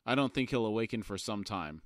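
A man voicing a huge, gentle male warrior who speaks quietly and steadily. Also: expressive, brisk, no room sound, studio quality, natural voice. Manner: quiet, low-key.

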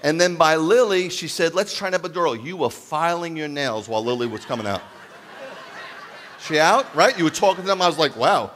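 A man in his fifties preaching as a rabbi, telling stories with jokes and acting out the dialogue in an animated sermon. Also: a little high, a little fast, slight background noise. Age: 50s. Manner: animated, jokey, acts out quoted dialogue. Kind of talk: humorous storytelling sermon.

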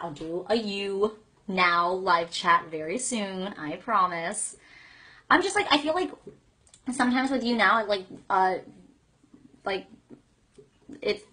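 Bubbly young woman with a bright, breathy voice. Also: medium pitch. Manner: bubbly, giggly, gushing, lots of "like" fillers. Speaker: live stream host reading fan comments. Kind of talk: casual live chat.

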